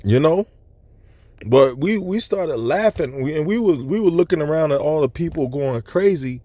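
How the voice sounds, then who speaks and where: A man's voice: a little high, animated, moderate pace, warm tone, no room sound. A man telling a religious testimony about a vision in a loose, rambling, earnest way, with many asides. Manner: loose, rambling storytelling full of "you know" asides. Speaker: person sharing a religious testimony. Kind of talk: personal testimony recounting a vision.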